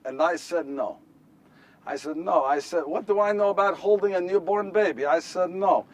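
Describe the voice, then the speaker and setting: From a distant mic, a man with a high voice speaks at normal speed on a live stage before an audience. As a solo performer, he gives a first-person monologue as Joseph, a nervous, earnest nineteen-year-old Jewish husband, rambling wryly with repeated phrases and self-corrections.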